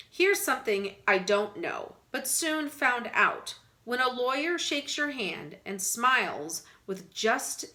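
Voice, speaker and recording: A teacher reading a novel aloud to her students in an expressive way, pausing to explain words to them. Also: a little high.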